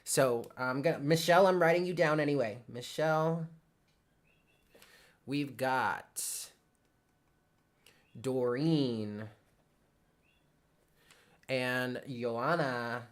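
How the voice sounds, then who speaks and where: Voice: mid-range voice, unhurried, long pauses. A tarot reader giving a live reading to viewers, talking casually, thinking aloud, greeting viewers by name and often checking in with "okay?". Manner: addresses chat viewers by name.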